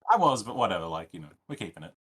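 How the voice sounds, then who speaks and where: A man's voice: sits low, big pitch swings, racing, a bit bright, slightly rough. A man as a player in a tabletop game, talking in a casual, easygoing way.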